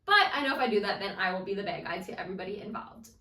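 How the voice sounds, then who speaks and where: A woman's voice: medium pitch, rapid-fire, sharp tone, echoey room, far from the mic. A woman hosting a casual commentary on online stories, chatty and frank, talking straight to her viewers. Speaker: host.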